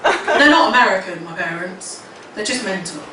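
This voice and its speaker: Woman, 30s, stand-up comic, lively, swearing, self-mocking; echoey live room, loud crowd. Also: medium pitch, moderate pace, distant mic. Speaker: stand-up comedian. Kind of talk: stand-up comedy set. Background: laughing audience, noise.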